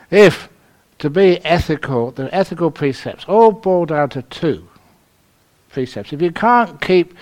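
A man's voice: a little high, a little mellow. A man with a London accent giving a humorous dharma talk to a retreat, telling stories and chuckling at his own jokes. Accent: London English. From London, England. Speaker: meditation teacher.

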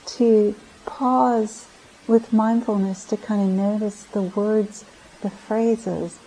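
A woman meditation teacher speaking slowly and unhurriedly in a gentle, reflective dharma talk. Her voice is warm and mellow, and she often pauses and restarts her phrases. She is talking at a retreat center. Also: fairly high pitch, slight background noise, poor audio.

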